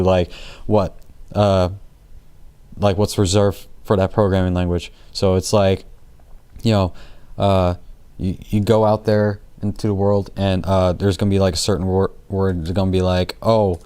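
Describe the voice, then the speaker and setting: A man's voice: deep voice, mellow, clear, resonant tone. Rambling, jokey man teaching code. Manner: rambling, jokey, many fillers and self-corrections. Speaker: programming tutor. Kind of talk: casual screen-recorded coding lesson.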